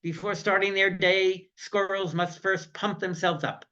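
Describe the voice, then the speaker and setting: A man giving a caregiver workshop in a relaxed, conversational way, leaning on comic strips. His voice is high and bright. The recording is a little dull. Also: a little slow. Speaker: presenter on caregiver stress. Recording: slightly muffled recording.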